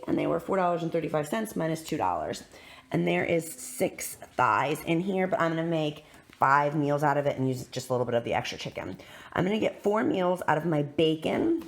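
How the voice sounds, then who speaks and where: A woman chatting casually to viewers in an upbeat shopping haul vlog, a little sick. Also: low-pitched. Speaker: vlogger.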